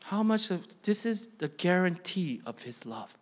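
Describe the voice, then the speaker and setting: A middle-aged man delivering a sermon in a notably high voice. He preaches with energy, pushing up on questions and dropping low to drive points home. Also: a little slow, few pauses. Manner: animated preaching, rising questions, drops to quiet emphasis. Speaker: pastor.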